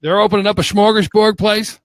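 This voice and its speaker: A man hosting a live podcast, loud and teasing, swearing freely in casual banter with his guests. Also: high-pitched, fairly even intonation, brisk, no room sound. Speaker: podcast host.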